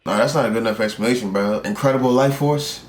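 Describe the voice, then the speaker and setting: A young man from South Carolina, reacting to an anime in casual, excitable and profane commentary from a room at home. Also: mid-range voice, fast talker. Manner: excitable, profane, animated outbursts. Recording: roomy echo, faint background hiss.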